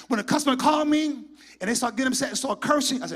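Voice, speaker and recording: A high-pitched male pastor with a gravelly, husky edge to his voice delivers a sermon in a church. He swings between shouted, fervent passages and quiet, near-whispered asides. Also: quick pace. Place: church sanctuary.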